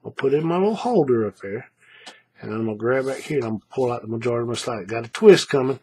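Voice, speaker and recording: A man's voice: mid-range voice, animated, quick pace, a little mellow, slightly rough. A man teaching a paracord bracelet craft in a hands-on tutorial, chatty and repetitive, often checking in with the viewer. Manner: chatty, repeats steps, checks in with "right?".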